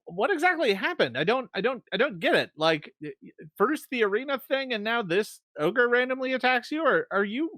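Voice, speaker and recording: A bewildered, stammering kobold official, as a man puts him on, with a voice pushed up high and jumping all over. He trips over his words constantly. The sound is dry and close. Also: very animated, a little fast, hardly any pauses, sharp tone, dry recording, exaggerated voice. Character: flustered male kobold official Coxo.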